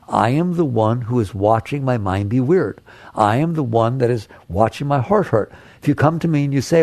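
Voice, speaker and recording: A man's voice: mid-range voice, animated, quick pace, vocal fry, dark tone, dry recording. A man giving a spiritual talk as a teacher, emphatic and repetitive, asking rhetorical questions. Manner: emphatic, repeats key phrases, rhetorical questions.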